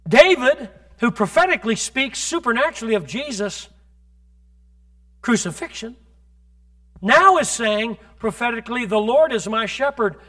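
Male preacher, high bright voice, fervent sermon style that pushes into shouting and calls out to the room. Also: animated, normal speed, pauses often. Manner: builds from conversational to fervent shouting; calls on the congregation directly.

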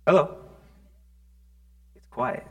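The recording is muffled, but this pastor's fairly bright male voice comes through as he tells stories in a church sermon. He talks in a relaxed, halting way, restarting often and questioning the congregation.

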